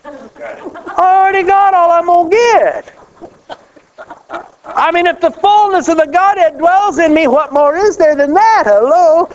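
Male preacher, very high voice, lively folksy sermon, dull lo-fi recording. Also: unhurried, pauses often, slight background noise. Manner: animated, folksy preaching with laughs and rising exclamations.

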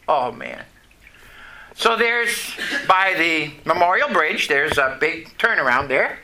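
A man with a very high, sharp, bright voice tells a testimony story from the pulpit and keeps asking the congregation questions. He sounds echoey, as in a church hall, with faint noise underneath. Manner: storytelling, asks the audience questions. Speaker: preacher giving a testimony.

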